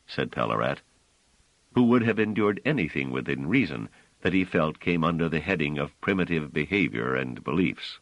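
Very deep, expressive male audiobook narrator. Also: moderate pace, no echo, low-quality recording. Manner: expressive storytelling. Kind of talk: scripted narration.

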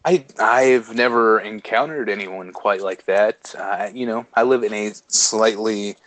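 A man's voice: fairly low pitch, measured pace, a bit bright, dry recording. A man co-hosting a casual podcast, talking in a chatty way with frequent laughs, fillers and restarts. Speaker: podcast co-host. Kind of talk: casual chat.

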